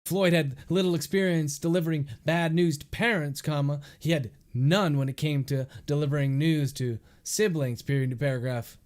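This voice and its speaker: A male author reads his novel aloud as dictation, and he names each comma, period and paragraph break. His voice sits a little high. The delivery is steady and methodical. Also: moderate pace, few pauses.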